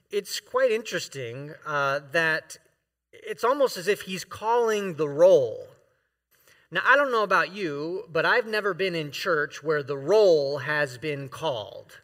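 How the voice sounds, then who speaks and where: In a church sanctuary, a male guest preacher reads scripture to the congregation during an emotional, heartfelt sermon marked by frequent fillers and restarts. His voice sits high and a bit bright, with big pitch swings and an unhurried pace.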